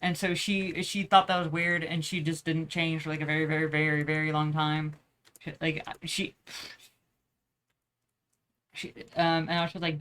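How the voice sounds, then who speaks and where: A woman's voice: low voice, level tone, normal speed, pauses often, fairly bright tone, slight background noise. A young woman telling a rambling personal story in a casual vlog, swearing often and using plenty of slang and filler words. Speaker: vlogger.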